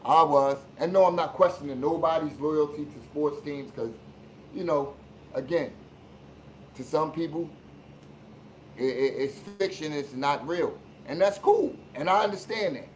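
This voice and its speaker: Blunt, profane sports-rant host. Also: male voice, a little slow, a little hiss or hum, low-quality recording. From Philadelphia. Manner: blunt, profane, swings between low asides and shouted emphasis. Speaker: sports talk show host. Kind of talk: live-stream sports rant.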